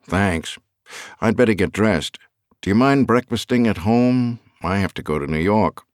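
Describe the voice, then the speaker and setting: A man's voice: on the low side, animated, unhurried, no room sound, studio quality. A man voicing an anxious middle-aged businessman who talks in a clipped, tense way.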